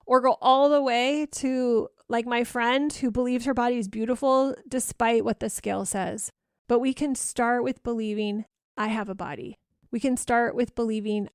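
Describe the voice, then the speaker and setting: Gravelly-voiced woman coaching parents. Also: on the high side, dry recording, studio quality. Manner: earnest, coaching, repeats gentle affirmations softly. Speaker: parenting podcast host. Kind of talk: solo podcast teaching.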